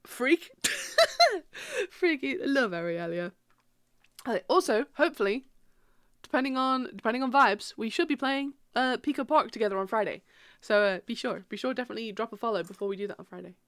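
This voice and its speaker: A woman's voice: on the high side, expressive, normal speed, a bit bright, no room sound. A young adult woman streaming a game from a room at home, chatting with viewers in a bubbly, gushing, giggly way. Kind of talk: casual livestream chat and reading a game aloud.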